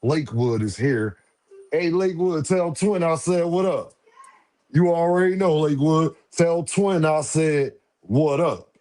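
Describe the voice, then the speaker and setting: A man hosting a casual livestream, firing off lively, repetitive shout-outs to viewers with slangy banter. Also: a little high, a little slow. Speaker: livestream host.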